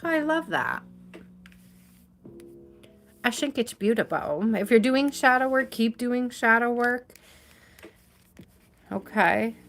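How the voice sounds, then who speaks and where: A woman's voice: fairly high pitch, expressive, a bit bright, soft background music. Chatty tired woman reading tarot live. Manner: chatty and affectionate, drawn-out stresses, frequent laughs. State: tired, yawning. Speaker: tarot reader.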